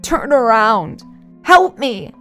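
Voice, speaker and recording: A woman voicing a ghostly limping woman who sobs and pleads slowly in a story reading. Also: on the high side, very animated, a bit bright, soft background music, pitched above the performer's own voice, full character voice. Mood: pleading. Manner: slow, pleading, tearful.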